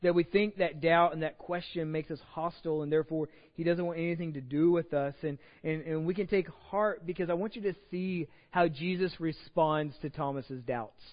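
A man's voice: on the high side, fairly even intonation, moderate pace, few pauses. A man preaching a sermon as a pastor, conversational and self-deprecating, acting out quotes as he goes. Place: church sanctuary. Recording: dull sound with long hall reverb.

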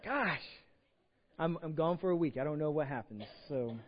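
A man's voice: a little high, animated, normal speed. A man with a Texan accent preaching a casual, conversational sermon and reading scripture aloud. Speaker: pastor. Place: church sanctuary. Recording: dull sound with long hall reverb.

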